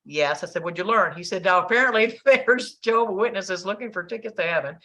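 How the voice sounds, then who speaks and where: A Southern woman in middle age telling a story to friends. Her voice is bright and forward, and she acts out the back-and-forth of the people in it. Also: mid-range voice, brisk. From American South. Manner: animated storyteller acting out dialogue, laughing. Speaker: channel host. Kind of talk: casual storytelling chat.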